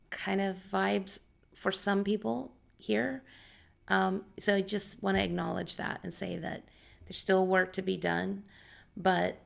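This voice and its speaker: A woman's voice: medium pitch, takes it slowly, creaky. A young adult woman, an English teacher, talking casually to her vlog audience with a scratchy voice and lots of fillers and disclaimers. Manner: chatty, full of disclaimers and fillers. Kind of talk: casual explanatory vlog talk.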